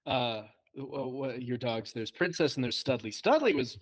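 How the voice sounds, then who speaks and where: A man's voice: mid-range voice, expressive, moderate pace. A young man chatting casually on a podcast, telling self-deprecating stories and laughing often. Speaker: co-host, trainee.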